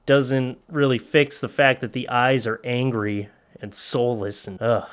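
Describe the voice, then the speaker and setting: A man doing comedic commentary on photos for his channel, sarcastic and heavily profane, with loud, animated jabs. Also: mid-range voice, a little slow. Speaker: comedy YouTuber.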